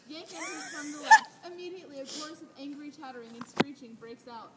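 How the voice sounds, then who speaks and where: High-voiced woman reading stage directions. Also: fast talker. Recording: distant, roomy, noisy recording.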